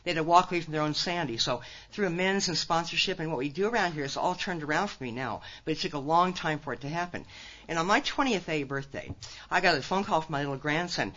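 At a recovery conference, a Nebraska woman of older age shares folksy personal testimony, her low voice fast and fairly bright in tone. She weaves in stories and punchy remarks to the audience, and the recording is dull and lo-fi.

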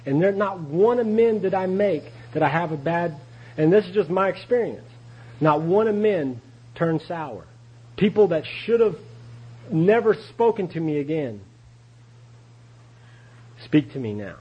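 Husky middle-aged man telling his recovery story. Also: high-pitched, lively intonation, unhurried, long pauses, muffled recording. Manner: folksy, confessional, often laughing, acts out quoted voices. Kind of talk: AA speaker talk, storytelling.

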